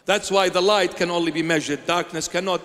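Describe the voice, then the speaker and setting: Bishop guy preaching, high voice, asks and answers his own questions, big echoey church. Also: steady tone, a bit bright. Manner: rhetorical questions answered by himself, slow emphatic delivery. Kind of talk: sermon.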